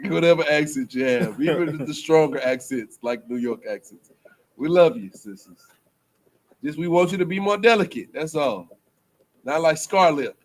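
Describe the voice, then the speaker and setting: This religious school teacher has a somewhat high, expressive voice and speaks at a moderate pace. His preaching is casual banter full of jokes and laughter, with repeated phrases, mid-phrase restarts, and filler-laden trail-offs.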